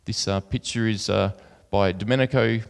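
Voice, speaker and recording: The preacher has a fairly low, clear, resonant voice with vocal fry and fairly even intonation, speaking at normal speed. He reads scripture earnestly and chats through filler-laden asides, captured with long hall reverb.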